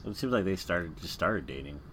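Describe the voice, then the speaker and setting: Low-voiced easygoing podcast co-host man. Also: animated, a little fast, a bit bright, a little hiss or hum. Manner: easygoing, reads out plugs with a web address. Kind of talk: casual chat with a promo plug.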